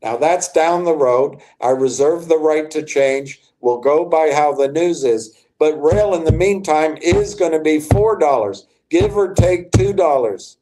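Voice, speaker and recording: An older man talks slowly through his livestream, his voice mellow and unforced. He rambles, stops mid-phrase, restarts, and speaks straight to his viewers as he comments on stocks. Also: on the high side.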